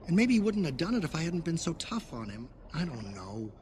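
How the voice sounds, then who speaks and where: A man voicing an anxious clownfish father in an animated film, hesitant and stammering as he tells his story. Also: on the high side, brisk. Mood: nervous. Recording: film clip with music underneath.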